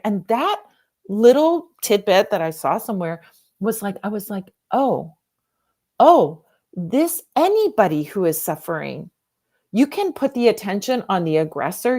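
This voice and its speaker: A woman's voice: mid-range voice, a little mellow. A middle-aged woman hosting a livestream fundraiser, talking to viewers in an earnest, emotional, repetitive way. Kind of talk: casual livestream chat.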